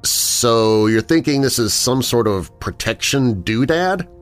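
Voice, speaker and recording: A man's voice: medium pitch, lively intonation, takes it slowly, clear, resonant tone, faint music behind. A male narrator voicing the story's hero, a hot-headed, sarcastic young man. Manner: sarcastic and exasperated.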